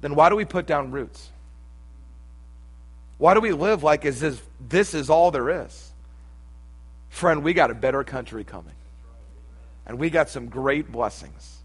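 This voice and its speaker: A man's voice: a little high, animated, a little slow, long pauses, breathy edge. Folksy storytelling preacher, man. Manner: storytelling, humorous, folksy asides. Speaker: pastor. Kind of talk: sermon with personal story.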